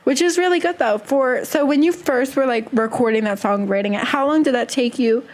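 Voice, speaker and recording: A woman hosting a small internet radio show, chatting casually and jumping in often. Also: high voice. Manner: chatty, quick to jump in.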